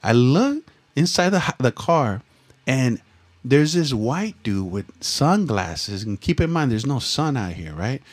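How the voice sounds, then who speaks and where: A man's voice: medium pitch, sing-song, measured pace. A young man from Southern California, telling a rambling, profane story in casual chat full of slang and restarts. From Los Angeles, USA.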